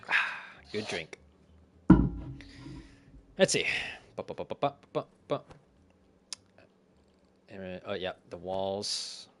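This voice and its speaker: Laid-back deep-voiced male game streamer. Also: lively intonation, takes it slowly, long pauses, pushed and bright, slight background noise. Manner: laid-back, chuckles often, talks to chat. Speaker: gaming streamer. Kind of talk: relaxed gameplay commentary, reading chat. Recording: faint game music behind.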